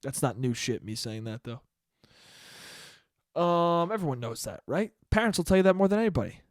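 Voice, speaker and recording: A man's voice: fairly high pitch, animated, moderate pace, no echo, studio quality. A man in his twenties hosting a casual solo podcast, rambling through stories, swearing freely and laughing at his own jokes. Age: 20s. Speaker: podcast host.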